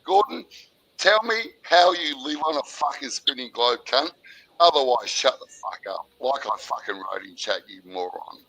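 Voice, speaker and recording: A man on a livestream call, shouting and swearing in an aggressive, heated rant. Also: mid-range voice, lively intonation, normal speed, rough recording. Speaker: caller in a livestream debate.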